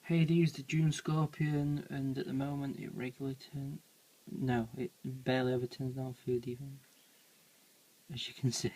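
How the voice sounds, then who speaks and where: A quiet, laid-back speaker, casually narrating a pet-feeding vlog into a handheld camera at home. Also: medium pitch, rough recording. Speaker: hobby pet keeper filming feedings. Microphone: handheld camera mic.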